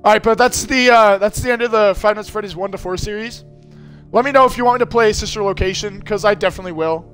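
A young man streaming a horror game, swearing and screaming in panic as he goes hoarse from yelling. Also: sits high, fast talker, faint music behind. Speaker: gaming streamer. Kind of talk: horror game playthrough commentary.

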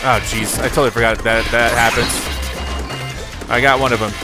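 A man's voice: mid-range voice, fairly even intonation, normal speed. A man giving let's-play commentary on his own game, yelping and exclaiming when things go wrong. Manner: reacts loudly, yelps and exclaims under pressure. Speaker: gaming video host. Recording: music playing behind the voice.

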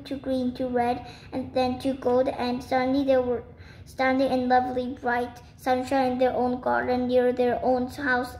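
Woman reading a storybook aloud, steady and careful; echoey room. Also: high voice. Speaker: reader. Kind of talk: reading a children's book aloud. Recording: roomy with faint noise.

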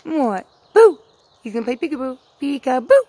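High, sing-song woman cooing at her cat. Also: slightly rough, dry recording. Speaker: cat owner filming her pet. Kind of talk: playful baby talk to a pet.

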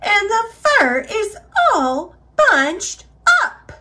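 A woman's voice: extremely high pitch, very animated, very slow, sharp tone, pitched above the performer's own voice, heavily acted. A woman voicing a fussy middle-sized female mama polar bear in a storybook, huffing and growling. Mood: huffy. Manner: huffy, growling.

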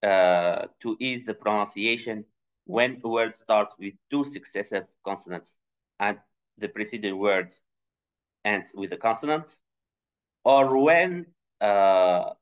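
A man giving an academic conference talk, explaining slides with many fillers and restarts. English is not his first language; he grew up speaking Tunisian Arabic. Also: a bit bright. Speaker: conference presenter. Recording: muffled low-fidelity recording.

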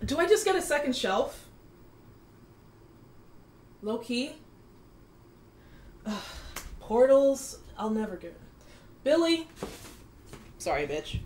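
A young woman chatting casually and excitedly as she reacts to an album at home. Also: a little high, slow pace, pauses often, a little hiss or hum. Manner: excitable, squealing, laughing. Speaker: music reaction YouTuber.

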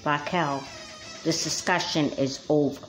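A woman's voice: deep voice, fairly even intonation, a little slow, a little hiss or hum. A woman voicing a caring, worried mother of two girls in a doll movie, firm and concerned.

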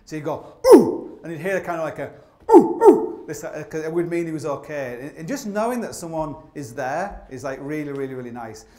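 A man's voice: on the high side, quick pace, few pauses, darkish tone. A man telling rambling, self-mocking climbing stories in a live stage talk, full of "like" and restarts. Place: opera house stage. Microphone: stage microphone. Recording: roomy theatre sound.

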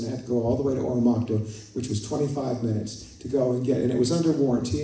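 A male pastor with a warm, medium-pitched voice preaches a conversational sermon, telling stories and calling out to his congregation before rising into fervent prayer. He is in a church sanctuary, captured from far off in an echoey hall.

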